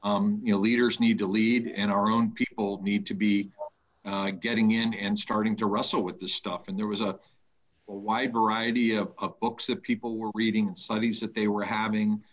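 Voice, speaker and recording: A man with a low voice gives a thoughtful, hesitant summary on a video call. The lo-fi call audio sounds dull and muffled. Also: level tone, normal speed.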